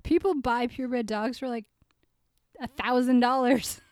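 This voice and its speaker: A woman's voice: a little high, a little slow, no room sound, studio quality. A woman co-hosting a podcast, chatting casually and laughing often. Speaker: podcast co-host. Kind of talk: casual chat.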